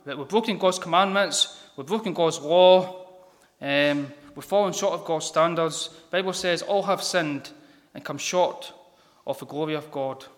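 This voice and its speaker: A man delivers an informal gospel sermon in a church hall, stumbling over his words and filling pauses with ums. His voice sits a little high for a man. The hall gives each phrase a long, reverberant tail. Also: fairly bright tone. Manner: halting, many ums and repeated words. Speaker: lay preacher.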